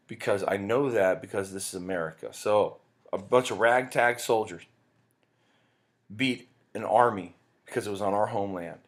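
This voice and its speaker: A male teacher giving a casual, rambling recorded lecture, often breaking off mid-sentence. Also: fairly low pitch. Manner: casual, rambling, self-interrupting.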